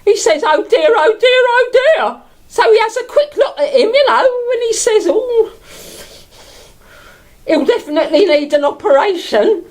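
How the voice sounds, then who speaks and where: Woman doing a bawdy bag lady, very high voice, giggly, rambling, sing-song. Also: big pitch swings, moderate pace, darkish tone. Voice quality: giggly, often laughing through her words. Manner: bawdy, gossipy, rambling with lots of fillers. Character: bawdy homeless London bag lady, cheeky and chatty. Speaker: comedy character monologue. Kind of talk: character stand-up storytelling.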